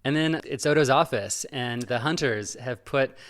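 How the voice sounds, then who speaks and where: A man's voice: mid-range voice, moderate pace, fairly bright tone. A man co-hosts a podcast in a casual, talkative way. His voice sits in an ordinary middle range. He laughs easily and drops into quoted lines as he recaps the story. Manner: chatty, laughs often, acts out quotes. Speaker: podcast co-host. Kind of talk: casual chat recapping an episode.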